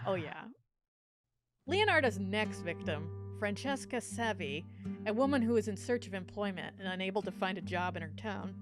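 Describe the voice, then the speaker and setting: Podcast lady recounting a creepy true story, playful, laughs a lot. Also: mid-range voice. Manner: animated, laughs often, tries a silly accent. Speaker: podcast co-host. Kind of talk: casual storytelling chat.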